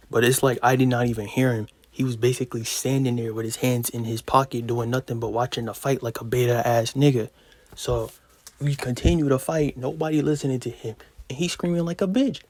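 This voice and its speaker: A young man in his late teens spinning a storytime tale for his channel. He talks in a loose, slangy way, swears freely and gets animated. His voice sits at a medium pitch and sounds close and dry. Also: no room sound. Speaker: vlogger. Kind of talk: storytime vlog.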